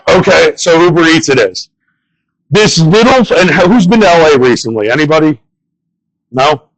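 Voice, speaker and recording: A man's voice: a little high, animated, moderate pace, a bit bright, rough recording. A young man doing a stand-up set, telling rambling, crude stories full of swearing. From northern United States. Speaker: stand-up comedian. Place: bar stage before a live audience.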